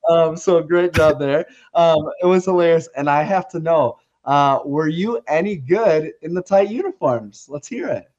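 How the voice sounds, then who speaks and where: A male podcast co-host, fairly high-voiced and easily excited, throwing "dude" into his reactions. His voice comes through a little dull and lo-fi. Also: normal speed, hardly any pauses. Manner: excitable, says dude a lot. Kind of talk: casual chat.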